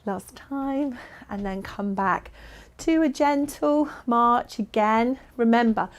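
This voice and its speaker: A woman's voice: a little high, slow pace. A woman leading a fitness class, giving upbeat, encouraging and playful instructions. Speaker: exercise instructor.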